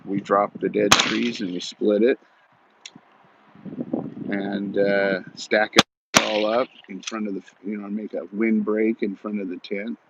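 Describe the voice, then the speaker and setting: Folksy low-voiced man telling a rambling story. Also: heavy background noise. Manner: rambling folksy, many "you know" and "he goes". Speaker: vlogger. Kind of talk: casual storytelling monologue. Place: outdoors at shooting practice. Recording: muffled audio with loud gunfire.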